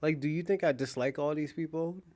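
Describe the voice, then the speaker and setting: This is a man hosting his own live-stream show, talking in a casual, unscripted way. His voice sits a little high for a man, and he speaks bluntly, often with profanity. He addresses a chat viewer by name and keeps restarting and repeating lines as he thinks out loud. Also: brisk. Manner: animated, repeats and restarts phrases while thinking aloud. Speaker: show host.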